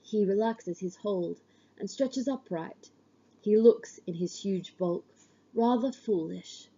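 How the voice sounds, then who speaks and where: A woman reading a literary story aloud in the first person, measured and grave, on a dull lo-fi recording. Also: medium pitch, mellow, breathy edge. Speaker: audiobook reader.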